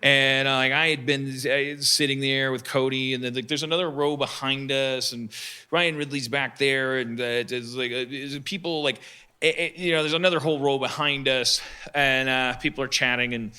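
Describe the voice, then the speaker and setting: A man with a piercingly sharp, tense voice spins a funny anecdote on a live podcast. He rambles, stumbles over restarts and wanders into asides before reaching the point. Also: mid-range voice, fairly even intonation, normal speed, clear, resonant tone. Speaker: podcast guest telling a story. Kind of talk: casual comic storytelling on a live podcast.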